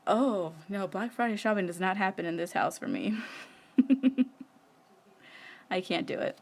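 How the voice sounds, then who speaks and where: A woman's voice: fairly low pitch, normal speed, long pauses, a little hiss or hum. A woman, chatting casually while she works on her planner during a live stream, rambling with many fillers. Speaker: planner vlogger. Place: home.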